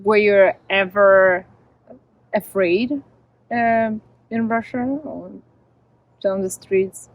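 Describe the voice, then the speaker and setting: A woman's voice: mid-range voice, flat delivery, slow pace, pauses often, highs cut off. A woman interviewing a guest, asking curious questions in a casual, friendly conversation. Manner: curious, asks questions with light laughter.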